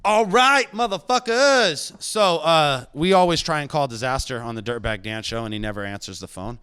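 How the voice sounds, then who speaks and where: A man's voice: mid-range voice, a little fast, fairly bright tone, clear, resonant tone. A man hosting a podcast in casual chat, loose and profane. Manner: loose, swearing, laughing. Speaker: podcast host.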